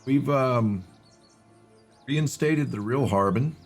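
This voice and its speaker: A man narrating a tabletop game as game master in a relaxed way, with many fillers. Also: medium pitch, slow pace, faint music behind.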